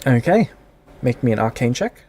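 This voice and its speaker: Lively man narrating as game master. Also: mid-range voice, normal speed. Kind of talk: narrating a live tabletop game.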